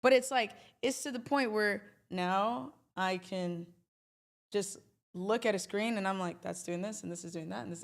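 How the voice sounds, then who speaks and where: A young woman hosting a trading livestream, talking in a chatty, emphatic and animated way. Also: mid-range voice. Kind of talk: casual livestream talk.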